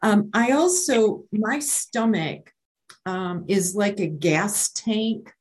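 A woman's voice: mid-range voice, lively intonation, slow, rough recording. A middle-aged woman from Maryland giving a candid personal testimony at an online support meeting, hesitating often with ums and restarts. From Maryland, USA. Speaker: speaker sharing her recovery story. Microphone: online meeting call.

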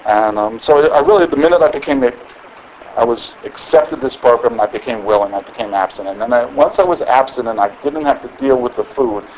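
A man's voice: mid-range voice, a little fast, darkish tone, a little hiss or hum, low-quality recording. A middle-aged man candidly sharing his story at a support meeting, rambling with many restarts. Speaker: member sharing at a recovery meeting. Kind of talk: personal share at a support meeting. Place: meeting room.

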